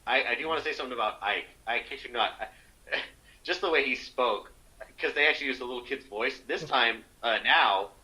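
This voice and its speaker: A man with a bright, forward voice chatting on a podcast. He sounds enthusiastic, leans on "like" and "you know," and swears freely. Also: medium pitch, fairly quick, rough recording. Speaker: podcast co-host. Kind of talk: casual chat.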